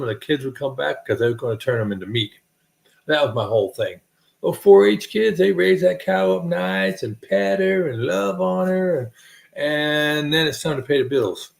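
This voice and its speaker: A man from the United States telling rambling, animated stories in a folksy way, chuckling at his own tales. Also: medium pitch, moderate pace, vocal fry. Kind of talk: casual rambling anecdote. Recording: roomy echo.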